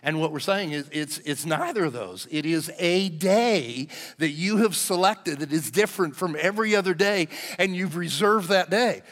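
A man with a notably high voice preaches a sermon in a folksy way, teasing his congregation as he goes. His voice rings with the long reverb of a large church hall. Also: normal speed, hardly any pauses, a bit bright. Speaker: pastor. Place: church sanctuary.

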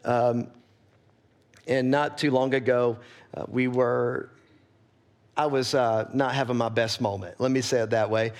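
A man preaching a sermon as pastor, earnest and candid, often checking in with his listeners and growing soft and quiet when he gets personal. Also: medium pitch, fairly even intonation, a little slow, pauses often. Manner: earnest, candid, asks the congregation for agreement.

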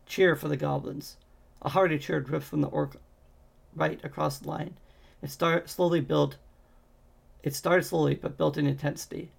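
Gravelly man reading a fantasy novel. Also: a little high. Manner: reads with frequent slips and restarts. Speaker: audiobook reader.

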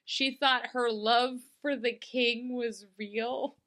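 A woman's voice: on the high side, steady tone, takes it slowly, a bit bright. A woman in her thirties co-hosting a casual chat, laughing often and acting out quotes in shifting voices. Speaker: podcast co-host.

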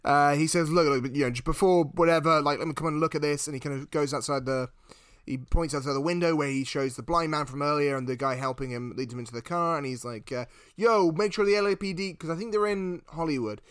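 A man's voice: on the high side, quick pace, a bit bright, clean tone, no echo, clean studio sound. A man in casual film chat, playfully interjecting and acting out quotes. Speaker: podcast co-host.

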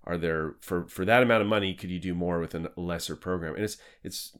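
Guy hosting a podcast, kinda low voice, rambles and laughs through his stories. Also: brisk, smooth. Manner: rambling, self-correcting storyteller; animated, laughs while telling stories. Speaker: podcast host. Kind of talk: casual interview storytelling.

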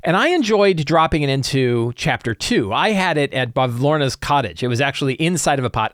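A man casually sharing advice as a tabletop game master, animated and acting out his players' reactions. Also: medium pitch, no echo, clean studio sound. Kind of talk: casual tips talk.

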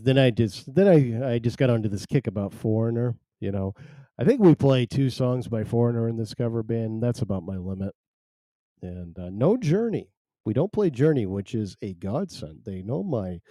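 A man hosts a solo live stream, rambling along with wry, self-deprecating asides. His voice sits low and very dark. The sound is dry and close. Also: dry recording.

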